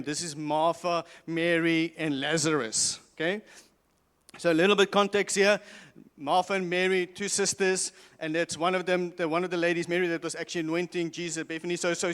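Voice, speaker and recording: A man's voice: on the high side, fairly bright tone, clean tone. A man preaching a sermon from the stage of a large church, emphatic, repeating his key lines and often stumbling and restarting. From South Africa. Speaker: pastor. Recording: long church hall reverb.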